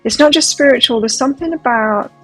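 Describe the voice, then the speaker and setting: Excitable woman reading tarot cards. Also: sits high, fairly quick, husky, soft background music, low-quality recording. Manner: excitable, gasping and exclaiming over cards. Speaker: tarot reader. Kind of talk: pick-a-card tarot reading.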